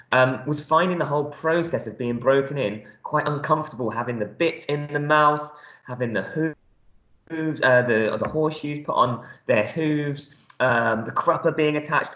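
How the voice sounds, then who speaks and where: A man's voice: medium pitch, pushed and bright, reverberant, lo-fi sound. A male primary school teacher giving a recorded reading lesson, explaining words step by step in a friendly way with lots of ums.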